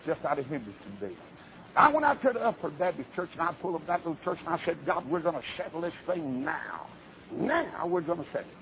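Man preaching a fervent revival sermon, lo-fi recording with faint hiss. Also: a little high. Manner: fervent, rising to shouts with many uh fillers. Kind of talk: Southern revival sermon storytelling. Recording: tinny lo-fi phone-like sermon recording.

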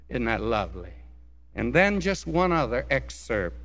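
A male preacher giving a sermon in a church, slow and deliberate, rising in force when he quotes scripture. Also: mid-range voice, big pitch swings, a bit bright. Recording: long hall reverb.

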